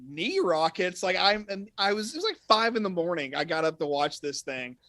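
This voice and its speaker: A man from Texas as guest on a casual fan chat, talking in an animated, storytelling way. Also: high voice, a little fast, no echo. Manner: animated storyteller, does mock voices.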